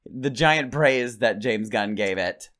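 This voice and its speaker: A man's voice: medium pitch, expressive, slow pace, fairly bright tone. A man co-hosting a fan podcast who jokes and teases his guest, rambling with restarts. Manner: joking, teasing, rambling with restarts. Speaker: podcast co-host. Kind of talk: casual podcast chat.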